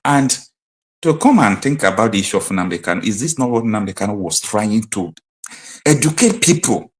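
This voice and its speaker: A man's voice: fairly low pitch, lively intonation, normal speed. A man with a Nigerian accent hosting an online political commentary show, talking emphatically and repeating his points. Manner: emphatic, repetitive, preaching tone. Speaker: host.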